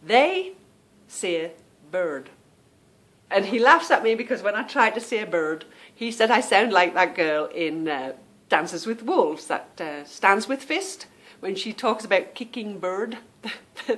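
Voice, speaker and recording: A woman's voice: mid-range voice, lively intonation, measured pace, fairly bright tone. Woman host rambling on her podcast, chatty and amused at herself, lots of ums. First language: English. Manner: chatty and self-amused, explaining pronunciation with fillers. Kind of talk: casual monologue.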